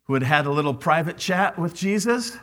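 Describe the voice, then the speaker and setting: A man's voice: fairly high pitch, expressive, brisk, a bit bright. A man preaching a sermon, speaking animatedly and acting out quoted lines with emphasis. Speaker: pastor.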